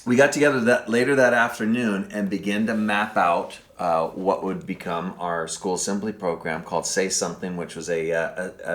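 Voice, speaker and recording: Podcast host guy, kinda low voice, casual chat, says um a lot. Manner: conversational, many fillers and restarts.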